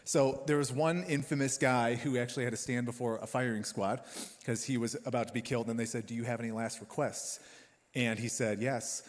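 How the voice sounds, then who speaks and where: A man's voice: mid-range voice, steady tone, fairly quick, in a large hall, slight background noise. A man preaching a sermon as pastor, in a conversational style with joking asides to his congregation. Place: church hall.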